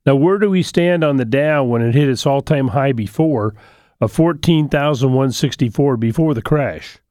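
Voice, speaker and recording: A middle-aged man hosting a call-in radio show on money and investing, telling stories in a folksy, energetic way with lots of restarts, in a studio. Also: mid-range voice, normal speed, no room sound. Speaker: radio show host, financial advisor. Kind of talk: call-in radio talk, storytelling.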